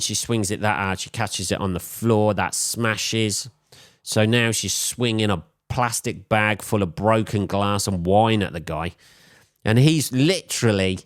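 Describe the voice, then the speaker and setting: A man's voice: lowish voice, clean tone, no room sound, clean studio sound. A man hosting a solo podcast, telling a rambling, sweary, wry story in a casual chat. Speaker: podcast host.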